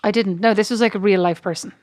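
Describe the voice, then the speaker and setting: A woman's voice: mid-range voice, fairly even intonation, quick pace, darkish tone, no room sound, studio quality. A young woman co-hosting a podcast, bantering with sardonic, mock-pompous humour. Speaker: podcast co-host. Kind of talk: casual chat.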